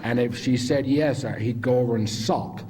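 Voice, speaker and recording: A man's voice: medium pitch, normal speed, lightly acted. A man impersonating a blunt, bossy older male film director who speaks in curt, repeated phrases. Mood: grumbling. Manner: curt, repeats himself flatly.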